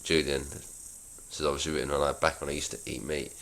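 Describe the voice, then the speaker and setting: A young man reading his own old script aloud in a flat, halting way, with self-mocking asides. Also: rumbling low.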